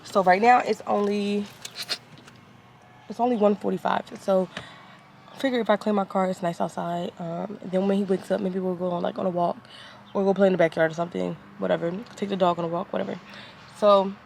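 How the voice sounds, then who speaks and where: Woman vlogger, casual rambling chat, stuffy from allergies, mid-pitched and fry-heavy. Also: steady tone, fairly quick, long pauses, a little mellow, slight background noise. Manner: chatty, rambling, with many fillers.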